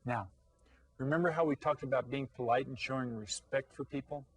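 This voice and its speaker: A man's voice: medium pitch, breathy edge, no echo, poor audio. Patient man teaching children, dry sound. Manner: patient, questioning, slow on each Spanish word. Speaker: Spanish teacher. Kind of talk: recorded classroom lesson for children.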